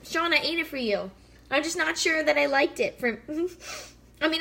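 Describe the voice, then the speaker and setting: A woman's voice: sits high, animated, moderate pace, gravelly, bright, forceful tone. A woman in her thirties chatting casually and bubbly while cooking in her home kitchen, full of fillers. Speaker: fitness vlogger. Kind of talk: casual live cooking chat.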